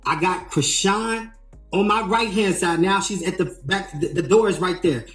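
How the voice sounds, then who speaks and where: A man working as a tour manager tells a story in an animated way, re-enacting what people said with emphatic rises. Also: high-pitched, moderate pace. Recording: roomy echo, faint music.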